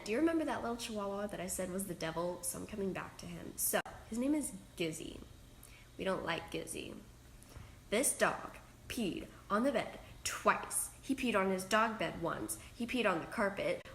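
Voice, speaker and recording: A young woman casually telling a dramatic pet-sitting story, emotional and animated. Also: medium pitch, a little hiss or hum, rough recording.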